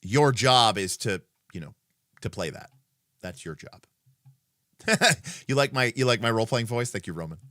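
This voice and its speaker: Bright-voiced, emphatic male stream host. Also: medium pitch, expressive, moderate pace, long pauses, dry recording, studio quality. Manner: thinks aloud with many fillers and restarts, reads chat comments; emphatic, opinionated. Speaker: livestream host. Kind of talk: casual livestream chat.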